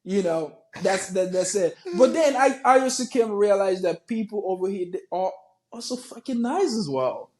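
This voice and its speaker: A Nigerian-born man talking in a loose, animated podcast chat, his voice sitting a touch higher than most men's. He swears freely and stumbles over repeated words as he makes his point. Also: moderate pace. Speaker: podcast guest.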